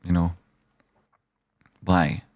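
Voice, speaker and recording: A man's voice: sits low, level tone, drawn-out words. A man hosting a casual stock market livestream, rambling as he talks straight to his viewers.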